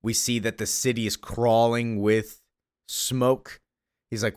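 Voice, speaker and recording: A man recapping a comic book in a casual, excited way, gushing about it with lots of fillers. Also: medium pitch, slow pace, clean tone, dry recording, studio quality.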